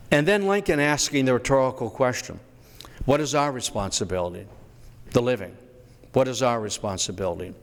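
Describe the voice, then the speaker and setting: A man giving a public history lecture in a storytelling manner, slowing down to recite quotations. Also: mid-range voice. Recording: echoey hall.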